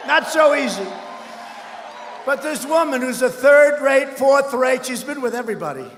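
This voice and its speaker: A man giving a rambling, boastful campaign rally speech, often breaking into shouts. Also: extremely high pitch, lively intonation, moderate pace, a faint crowd, slight background noise. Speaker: political speaker at a rally. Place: large rally hall. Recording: echoey hall with long reverb.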